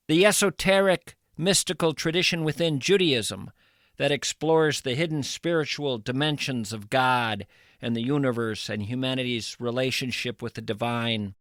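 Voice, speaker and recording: A male talk host riffs through a playful comic monologue. His voice is high and bright, recorded dry and close, and he lingers on words for comic emphasis. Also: no echo. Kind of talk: comedic monologue.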